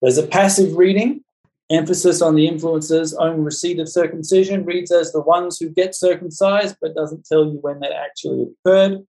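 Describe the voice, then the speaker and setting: A man teaching a Bible study group, talking in fast, halting bursts with many restarts and fillers. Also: a little high, fairly even intonation, warm tone, poor audio. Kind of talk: lecture with group discussion.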